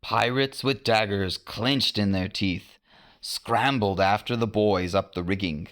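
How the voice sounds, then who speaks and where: A man narrating a storybook adventure in an expressive read-aloud manner. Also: on the low side. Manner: expressive, unhurried.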